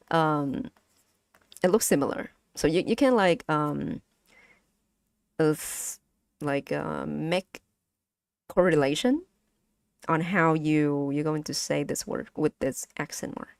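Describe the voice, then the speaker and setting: A young woman with a Vietnamese accent, teaching Vietnamese on a casual stream, speaking haltingly with many fillers and repeats. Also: sits low, creaky, darkish tone, no room sound, clean studio sound. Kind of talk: casual language lesson stream.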